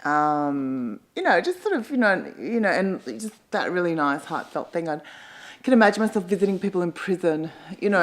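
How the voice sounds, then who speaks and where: A middle-aged woman with an Australian accent tells a comic monologue at a quick clip. Her pitch leaps all over the place as she rambles and mocks herself. Now and then she breaks into loud, sweary outbursts. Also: rough recording. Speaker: comedian and columnist.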